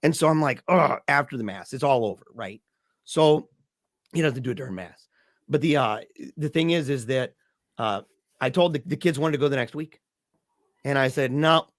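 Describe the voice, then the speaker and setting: A man's voice: medium pitch, moderate pace, pauses often, no echo, studio quality. A man telling a story as a podcast guest. He talks in a casual way and acts out the voices of the people in his story.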